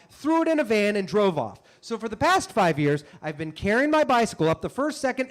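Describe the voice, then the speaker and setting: A young man telling a comic story on stage, animated and breaking into loud shouted bits. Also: high-pitched. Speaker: comedian. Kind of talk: stand-up storytelling.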